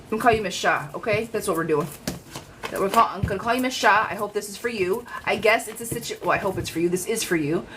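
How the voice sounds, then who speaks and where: A woman giving a live-streamed tarot reading in a chatty, frank, lively way, talking straight to her viewers. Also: medium pitch, fast talker, slight background noise, poor audio. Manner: chatty, animated, frank, calls viewers girlfriend. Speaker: tarot reader.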